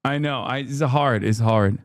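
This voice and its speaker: A man's voice: mid-range voice, unhurried, no room sound, studio quality. A man streaming a casual reaction with crude, sarcastic asides and frequent laughing.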